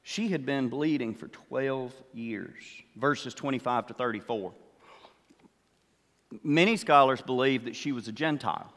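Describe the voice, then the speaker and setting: An older man preaching a sermon, telling the story slowly and acting out what the characters say. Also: mid-range voice, a bit bright, big-room sound. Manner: slow storytelling, acts out the characters' words. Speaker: pastor.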